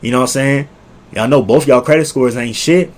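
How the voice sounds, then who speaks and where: A man's voice: mid-range voice, a little fast. A young man, giving profane, preachy relationship advice in a casual monologue that keeps circling back to the same points. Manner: profane, preachy, repetitive, rises loud when making a point. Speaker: relationship vlogger.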